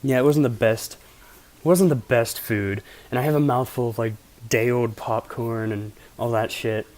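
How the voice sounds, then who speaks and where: A man's voice: mid-range voice, steady tone, measured pace, a little mellow. Laid-back young man telling stories. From Pennsylvania. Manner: rambling, profane, laid-back anecdotes. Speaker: vlogger. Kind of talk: casual storytelling.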